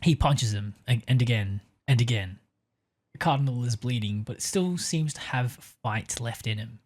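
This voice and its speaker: A man co-hosting a casual podcast, pitching a story with many hesitant fillers and easy laughs. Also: normal speed.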